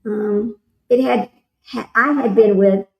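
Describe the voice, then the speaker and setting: A woman's voice: medium pitch, steady tone, slow, roomy sound, rough recording. A woman, hosting a casual livestream and chatting with viewers in a rambling way while reading their comments aloud. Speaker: livestream host commenting on a trial. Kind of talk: casual chat with live chat readers.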